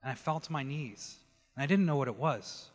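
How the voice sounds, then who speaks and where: A man preaching his personal testimony, telling the story with animated energy and acting out quoted dialogue. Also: medium pitch, brisk. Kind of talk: testimony sermon. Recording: long hall reverb.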